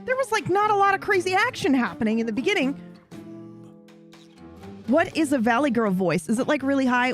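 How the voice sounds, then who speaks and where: Chatty woman streamer with a high voice. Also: fairly quick, pauses often, faint music behind. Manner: animated, swears, rambles with asides. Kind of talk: casual chat.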